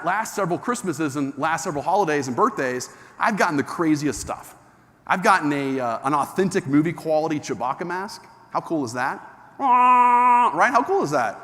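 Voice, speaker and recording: A man giving an animated, enthusiastic motivational talk to a live audience, telling a story with lots of energy. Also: a little high. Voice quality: enthusiastic, animated delivery with frequent restarts. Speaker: motivational speaker. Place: large hall with an audience. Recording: long hall reverb from a live talk.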